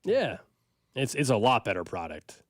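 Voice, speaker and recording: A man's voice: medium pitch, sing-song, moderate pace, no room sound, studio quality. Easygoing male sports radio host. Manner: easygoing, reads out listener texts. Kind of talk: casual sports radio banter.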